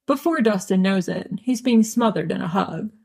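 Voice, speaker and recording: A woman reads a fan audiobook with wry, deadpan narration at normal speed. Her gravelly, husky voice sits at a middling pitch.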